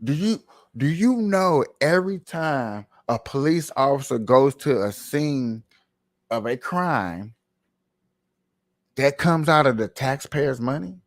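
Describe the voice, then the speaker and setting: A man giving casual commentary to viewers as he plays a clip, animated and ranting, repeating himself often. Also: mid-range voice, slow. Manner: animated, repetitive, rambling rants; talks to viewers while playing a clip.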